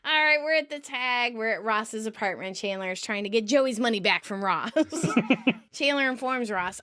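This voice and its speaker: A woman's voice: a little high, animated, moderate pace, pushed and bright. A woman co-hosting a podcast, giggling and reading the scene aloud with wry asides in casual recap chat. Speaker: podcast co-host.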